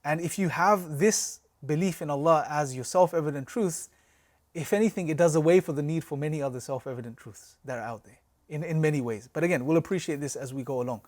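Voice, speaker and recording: Higher-voiced man teaching a lecture. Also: quick pace, darkish tone. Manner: explains with rhetorical questions and a storytelling analogy. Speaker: course teacher. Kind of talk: recorded religious lecture.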